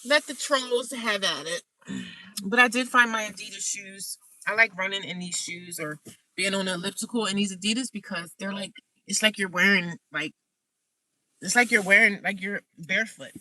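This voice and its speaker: A woman's voice: medium pitch, normal speed, sharp tone, no echo, recorded from a distance. Sassy woman chatting from her car. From United States. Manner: sassy and chatty, calls listeners honey and girl. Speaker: vlogger. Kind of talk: casual chat to a live chat.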